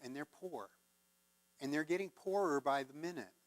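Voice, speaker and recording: A male minister telling a folk tale in a sermon, measured and gently conversational. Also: fairly high pitch. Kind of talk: sermon storytelling.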